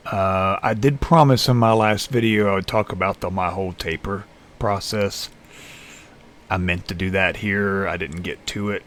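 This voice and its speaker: A man talking unscripted to camera alone in a small room, tired and halting, with many restarts and fillers. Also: low-pitched, steady tone, a bit bright. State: lethargic, tired. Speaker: vlogger in recovery. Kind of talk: unscripted personal vlog. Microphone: camera facing speaker.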